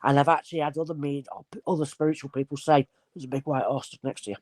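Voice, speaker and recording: A woman's voice: low-pitched, fast, dry recording. A woman, a spirit medium guest telling stories casually and acting out the voices in them. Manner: animated, acts out voices in anecdotes. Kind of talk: casual storytelling conversation.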